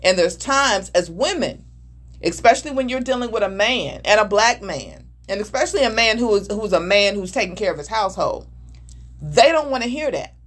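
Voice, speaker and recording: A woman's voice: mid-range voice, expressive, a little fast, slightly rough. Earnest, emphatic middle-aged woman. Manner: earnest, emphatic, acts out voices mid-story. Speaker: married panelist discussing communication. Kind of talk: candid conversational talk.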